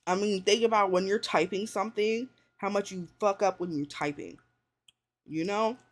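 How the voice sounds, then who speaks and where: Woman about 30 chatting to the camera, swears a lot, says like constantly, jumps up high when she gets worked up. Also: normal speed. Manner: blunt, heavy swearing, conversational filler "like" and "you know"; swings into high excited pitch when riled up. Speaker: vlogger. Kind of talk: casual chat, advice to viewers.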